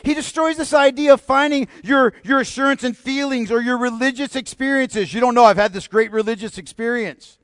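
A man's voice: very high-pitched, brisk, hardly any pauses, fairly bright tone, clean tone, dry recording, studio quality. A man preaching a sermon, bold and emphatic, driving points home with repeated rhetorical questions.

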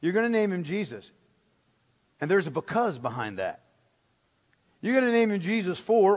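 A man's voice: high voice, very animated, moderate pace, long pauses. A man preaching a sermon as pastor, emphatic, with rhetorical questions and words repeated for stress. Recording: long hall reverb.

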